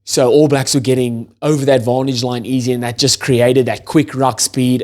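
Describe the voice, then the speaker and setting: A young man hosting his own channel, giving a casual, enthusiastic match review with loose, chatty phrasing and excited exclamations. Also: mid-range voice. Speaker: rugby channel host.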